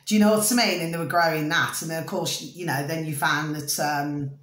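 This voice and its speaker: A deep, fairly bright voice with fairly even intonation and a brisk pace echoes around the room as a middle-aged British vlogger rambles casually to camera. She's chatty, frequently checking viewers follow with "do you see what I mean?" and "ding ding."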